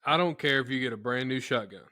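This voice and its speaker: A man's voice: medium pitch, sharp tone, no echo, clean studio sound. A man, co-hosting a hunting podcast and chatting casually with his friend. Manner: friendly backchanneling, quick to laugh along. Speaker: podcast co-host.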